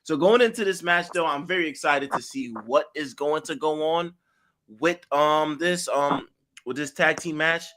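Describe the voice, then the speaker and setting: A man with a bright, ringing voice co-hosts a casual podcast. He talks with eager excitement in loose slang and swears freely. His voice sits a little high for a man. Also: normal speed. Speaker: podcast co-host.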